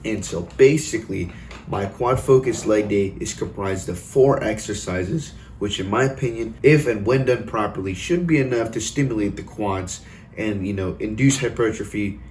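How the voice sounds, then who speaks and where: A man's voice: on the low side, unhurried, a little mellow, reverberant, a little hiss or hum. A young man talking casually about his gym routine in a rambling vlog, with many fillers and restarts. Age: young adult. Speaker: fitness vlogger.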